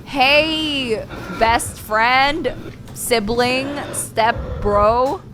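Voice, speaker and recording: A woman's voice: a little high, extremely slow, noisy background. A woman streamer reacting live to scary videos, swearing and pleading with the screen. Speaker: VTuber streamer.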